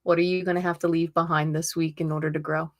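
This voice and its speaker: Chatty low-voiced woman hosting a tarot stream. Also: little pitch movement, quick pace. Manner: chatty, laughs often, addresses viewers warmly as lovelies. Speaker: host. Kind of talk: casual live-stream chat; tarot reading.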